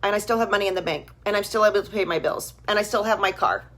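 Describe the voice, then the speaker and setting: A woman in her thirties speaks straight to her followers on a live stream. Her voice sits at an ordinary middle pitch. She talks earnestly and with emotion, and she repeats key phrases for emphasis. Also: fast talker, fairly bright tone. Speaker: vlogger.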